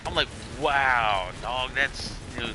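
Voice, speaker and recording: A man's voice: medium pitch, normal speed, noisy background. A man from Delaware telling a long, rambling story while gaming with friends, repeating himself and laughing as he goes. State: has been drinking. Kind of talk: casual chat while gaming.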